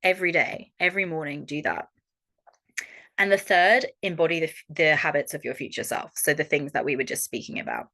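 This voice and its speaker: A young Australian woman coaching a workshop audience in a frank, animated way and swearing freely. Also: low-pitched, brisk. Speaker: holistic coach. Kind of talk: online workshop talk.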